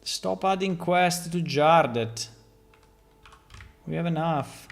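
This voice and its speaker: A man who develops a game, chatting casually and thinking aloud on a stream, amused and relaxed. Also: on the high side, slow pace, gravelly.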